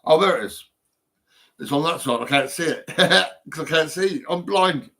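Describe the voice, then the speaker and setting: A man's voice: on the high side, moderate pace, bright, forceful tone. A man vlogging at home, rambling casually with lots of fillers and the odd swear.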